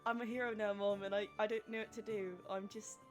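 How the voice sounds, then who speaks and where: A woman's voice: medium pitch, level tone, fairly quick, faint music behind, lightly acted. A woman voicing a sulky young man hero talking to his mother in a mocking, mopey tone.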